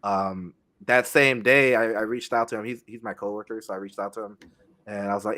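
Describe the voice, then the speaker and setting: A young man talks on a podcast in a low-set voice. He speaks haltingly and softly, stopping and restarting often as he tells his story. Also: fairly even intonation. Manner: halting, many fillers and restarts, soft-spoken. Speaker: guest streamer. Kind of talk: casual podcast chat.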